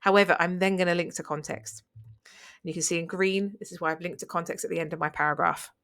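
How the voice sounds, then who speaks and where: A woman's voice: on the low side, steady tone, fast talker, creaky, fairly bright tone. A woman teaching an exam revision lesson, explaining step by step in an encouraging way. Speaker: English teacher.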